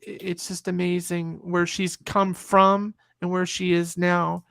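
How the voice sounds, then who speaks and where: A woman's voice: on the low side, flat delivery, unhurried, gravelly, a bit bright, no echo. A middle-aged woman telling a story in casual group chat, acting out the quotes, with frequent restarts. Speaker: guest.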